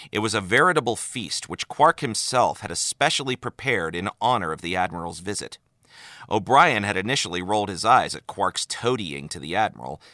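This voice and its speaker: A man narrating a story aloud in an expressive, animated way. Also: sits low, no room sound, studio quality. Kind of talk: audiobook narration of fan fiction.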